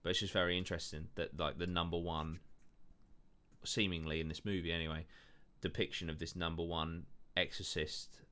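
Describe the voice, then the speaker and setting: A man's voice: sits low, little pitch movement, fairly quick, pushed and bright, clear, resonant tone. A man hosting a podcast in casual, rambling chat, full of swearing and fillers. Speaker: podcast host.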